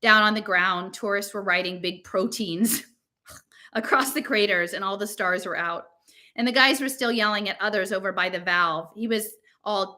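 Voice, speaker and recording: Bright-voiced woman reading a novel aloud. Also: medium pitch, steady tone, normal speed. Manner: casual, teen-slang narration. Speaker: reader.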